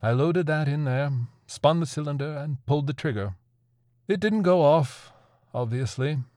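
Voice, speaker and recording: Brief: a man doing a haunted priest confessing, grim and even, dry close sound. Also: fairly high pitch, moderate pace, no echo, pitched above the performer's own voice, natural voice. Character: guilt-ridden grim male priest.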